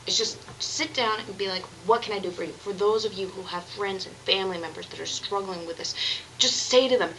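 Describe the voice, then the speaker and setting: A woman's voice: medium pitch, brisk, a bit bright, slight background noise, poor audio. A young woman vlogging, telling a personal story in a candid, earnest, rambling way with many restarts. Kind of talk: confessional vlog monologue.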